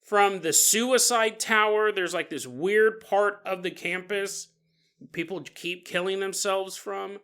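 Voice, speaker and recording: A man's voice: high-pitched, slow, clear, resonant tone. A man in his forties hosting a podcast, telling a paranormal story with jokes and silly put-on voices. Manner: jokey, animated, puts on silly voices for listeners. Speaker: podcast host.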